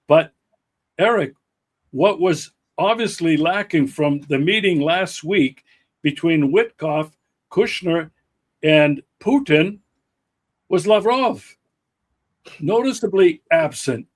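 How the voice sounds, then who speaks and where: A man hosting a political talk show, speaking slowly and emphatically with frequent fillers and restarts. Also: a little high. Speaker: podcast host. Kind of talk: political commentary chat.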